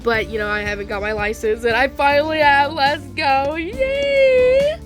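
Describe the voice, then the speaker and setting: A woman's voice: high voice, flat delivery, a little fast, fairly bright tone, faint music behind. A young woman telling a casual storytime vlog, chatty and slangy, laughing often. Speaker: vlogger. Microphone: phone.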